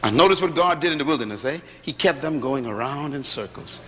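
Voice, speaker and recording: Animated preacher man in an echoey hall. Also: medium pitch, a little fast. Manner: lively preaching with rhetorical questions and humorous storytelling. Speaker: pastor. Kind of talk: sermon. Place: large hall with audience. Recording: echoey hall, faint ambience.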